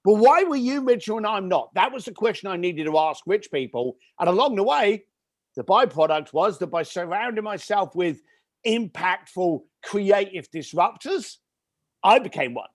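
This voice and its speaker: High-voiced animated man telling a story. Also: moderate pace, dry recording, studio quality. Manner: animated storyteller who acts out family dialogue. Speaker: podcast guest. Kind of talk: storytelling interview.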